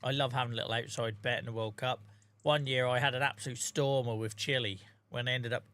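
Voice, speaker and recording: Bright-voiced Norfolk man streaming a game. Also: medium pitch, steady tone, fast talker. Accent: Norfolk English. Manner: chatty, swears freely, greets viewers by name. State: tired and sore. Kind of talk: casual live-stream chat while playing.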